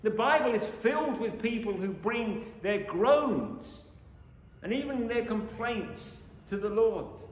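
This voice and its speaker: A man preaching a sermon, dramatic, swinging from loud exclamations to hushed lines. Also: high voice, expressive, slow. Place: church. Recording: echoey church hall.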